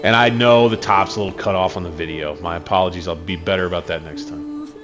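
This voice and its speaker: A man hosting a gaming channel, giving relaxed, rambling commentary on his gameplay. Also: low voice, quick pace. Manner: relaxed, rambling, with fillers and self-corrections. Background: game music.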